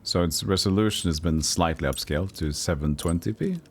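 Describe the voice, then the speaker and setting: A man's voice: low voice, fairly quick, a little hiss or hum. A man streaming a game, joking and rambling with casual swearing. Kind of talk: casual gameplay commentary.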